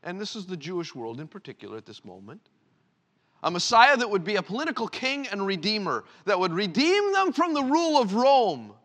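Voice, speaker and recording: A male pastor preaching a sermon to his church, swinging between loud emphatic lines and hushed, low ones. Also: big pitch swings, a little fast.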